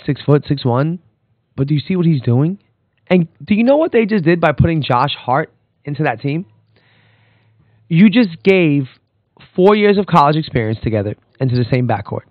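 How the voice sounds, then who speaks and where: A man hosting a sports podcast, talking basketball in a loose, animated rant that keeps addressing players directly. His voice sits at a middling pitch. The recording is dry and slightly dull. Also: moderate pace, no echo. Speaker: podcast host. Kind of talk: casual sports commentary. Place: Florida.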